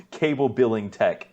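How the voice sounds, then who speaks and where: A man co-hosting a podcast in casual chat, easygoing and quick to laugh. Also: medium pitch, darkish tone, muffled recording. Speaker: podcast co-host.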